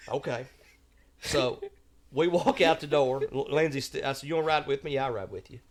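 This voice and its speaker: A man's voice: mid-range voice, moderate pace. A man telling a travel story on a podcast in a folksy, drawling way, acting out the voices he quotes. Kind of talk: casual storytelling.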